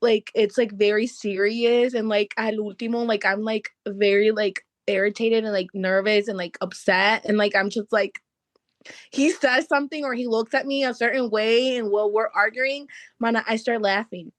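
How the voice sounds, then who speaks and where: A woman co-hosting a podcast in loose, animated chat, her voice sitting a little high. She curses freely and drops into Spanish mid-sentence, with "like" everywhere. The sound is close and dry. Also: moderate pace, no echo. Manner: many fillers of like. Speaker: podcast co-host. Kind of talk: casual chat.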